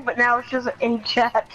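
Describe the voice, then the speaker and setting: A woman's voice: high-pitched, lo-fi sound, slight background noise. A woman streaming a video game, rambling through a story about chat messages and giggling often. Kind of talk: casual gaming stream chat.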